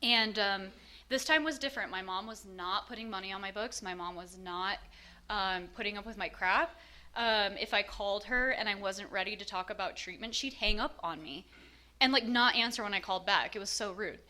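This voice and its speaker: A woman's voice: medium pitch, moderate pace, sharp tone. A woman telling her own story in a frank, self-mocking way, with lots of fillers. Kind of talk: candid personal storytelling.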